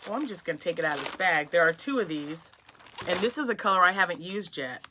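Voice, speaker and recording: Gushing woman with a bright voice. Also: fairly low pitch, quick pace, slight background noise. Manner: gushing and excitable, drops to soft whispers over yarn. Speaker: crochet vlogger. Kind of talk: casual chat, unboxing happy mail. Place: home craft room at her desk. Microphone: phone on a mini tripod.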